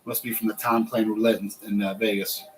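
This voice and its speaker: A man's voice: fairly low pitch, little pitch movement, fairly quick, poor audio. An American man hosting a casual livestream, talking in a rambling, chatty way and laughing often. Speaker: host.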